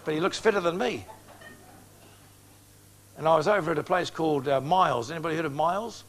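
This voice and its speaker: A man's voice: fairly high pitch, fairly quick, noisy background. A man in his sixties preaching an evangelistic sermon, speaking directly to his audience and telling stories with acted-out dialogue. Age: 60s. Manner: direct, storytelling, acts out dialogue.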